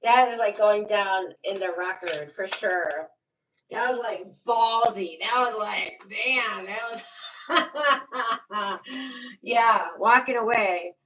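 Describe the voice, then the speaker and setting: A woman's voice: mid-range voice, slow, fairly bright tone, far from the mic, a little hiss or hum, rough recording. Chatty woman tarot reader, off-mic. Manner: rambling, chatty, laughs often, many fillers. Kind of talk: casual live tarot reading.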